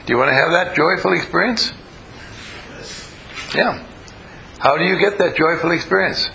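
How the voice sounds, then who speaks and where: Man, gravelly voice, bright tone, teaching a group, asks questions, tells stories. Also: on the high side, lively intonation, normal speed, slight background noise, rough recording. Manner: questioning, coaxing the audience; storytelling. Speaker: group leader teaching a class. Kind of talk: interactive talk to a live group.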